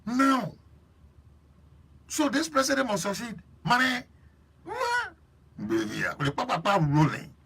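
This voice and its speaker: A man with a Liberian English accent hosting a live stream, chatting lively and preachy while teasing viewers by name. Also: sits high, normal speed, pauses often, a little hiss or hum. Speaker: host.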